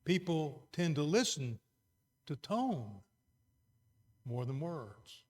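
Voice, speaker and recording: A middle-aged man preaching a sermon, moving between quiet, earnest emphasis and raised exhortation. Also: fairly high pitch, big pitch swings, slow pace.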